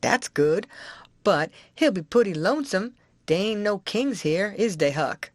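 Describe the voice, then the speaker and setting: A woman's voice: medium pitch, lively intonation, measured pace, no echo. Woman doing a stubborn Southern Jim. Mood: wistful. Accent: American Southern. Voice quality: broad rural dialect, argumentative. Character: stubborn grown man, runaway from slavery, drawling. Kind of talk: audiobook character reading.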